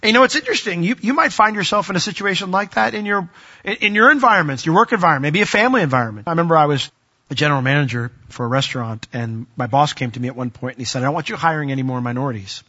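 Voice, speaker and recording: Bright, husky male preacher. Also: a little high, lively intonation, rapid-fire, highs cut off. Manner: earnest, conversational preaching with emphatic rises. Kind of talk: sermon.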